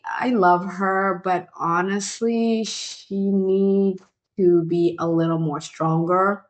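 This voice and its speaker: A young adult woman hosting a casual reality show recap, talking in an animated, incredulous and opinionated way. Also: fairly low pitch. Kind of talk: casual review vlog.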